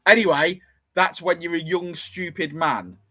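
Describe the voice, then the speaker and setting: A man's voice: fairly high pitch, unhurried, poor audio. A man, telling a casual story from his garage workshop and acting out the other voices. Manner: lively, animated, acts out the other voices.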